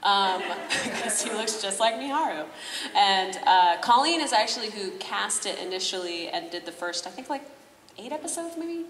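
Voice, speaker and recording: A woman's voice: mid-range voice, lively intonation, normal speed, a crowd in the background. A woman who is a voice actress and voice director, chatting and giggling on a convention panel. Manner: chatty, giggly, lots of fillers. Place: large convention hall. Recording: echoey hall from far off, faint noise.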